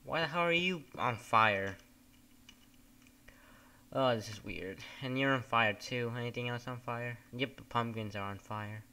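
A man's voice: medium pitch, measured pace, pushed and bright, a little hiss or hum. A man giving casual gameplay commentary, rambling, swearing often and getting easily annoyed. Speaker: gamer.

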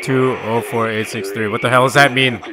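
A man's voice: mid-range voice, fairly even intonation, brisk, a crowd in the background. A man streaming a horror game live, talking to his chat, swearing often and shrieking when startled. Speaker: gaming streamer. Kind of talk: live gameplay reaction.

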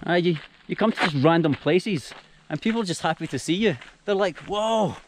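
A man's voice: on the high side, a little fast. Young Scottish man, self-mocking travel vlogger, chatty to a handheld camera outdoors, light noise. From Scotland. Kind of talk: casual vlog to camera. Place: outdoors, countryside by rail tracks. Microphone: handheld action camera.

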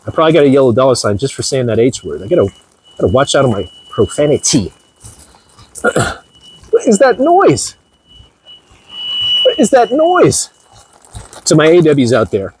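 Very husky, lively-voiced man lecturing. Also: medium pitch, no room sound, poor audio. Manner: emphatic, lecturing, animated. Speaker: vlogger giving dating advice. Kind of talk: outdoor vlog monologue to viewers. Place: outdoors by the beach in heavy rain.

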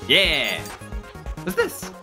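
A gamer giving casual, excitable commentary while playing, often gasping and exclaiming, with the odd casual swear. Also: mid-range voice, drawn-out words, music in the background. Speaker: let's play gamer.

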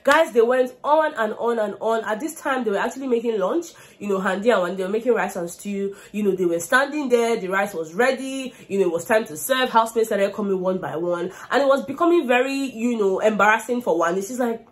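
A woman's voice: a little high, a little fast. Chatty Nigerian woman recapping gossip. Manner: chatty, animated storytelling, keeps addressing viewers as guys. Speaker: reality show recap vlogger.

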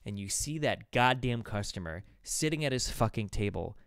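A man hosting a casual podcast, telling stories in a profane, animated way and acting out the quotes. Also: fairly low pitch, moderate pace, gravelly, smooth, dry recording, studio quality. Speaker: podcast host. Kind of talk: casual chat.

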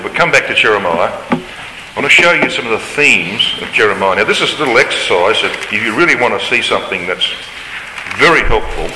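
A man with a fairly low voice lectures emphatically on the Bible in a large lecture hall, lifting his voice when he reads scripture out loud. Background noise is present, along with faint ambience and roomy hall reverb.

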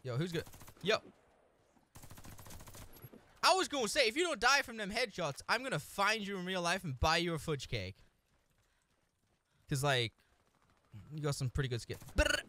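Swearing, animated male gamer with a bright voice. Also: sits high, normal speed, long pauses, slight background noise. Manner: swears constantly, trash-talks other players; frustrated outbursts and joking asides. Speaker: gameplay streamer. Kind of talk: live gameplay commentary. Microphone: desk mic with a camera, no headphones.

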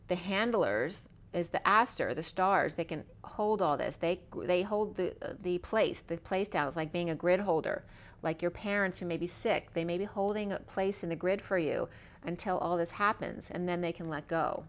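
A woman's voice: on the low side, moderate pace. A woman giving a casual spiritual tarot reading, rambling and repeating herself and checking in with "right?" as she goes. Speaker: tarot reader.

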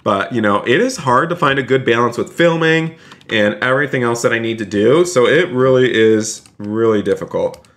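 A man streaming a game live, excitable and gushing with thanks, repeating exclamations and saying he is about to cry. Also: mid-range voice, normal speed. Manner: effusive, gushing thanks to donors.

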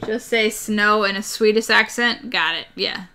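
A young woman chatting casually and excitably about board games on her live stream, rambling with fillers. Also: medium pitch, unhurried, smooth.

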